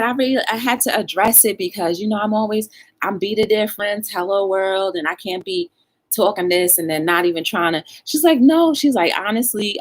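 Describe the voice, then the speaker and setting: A woman hosting a live talk show, telling a story and acting out both sides of the dialogue, and calling her viewers y'all. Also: fairly low pitch.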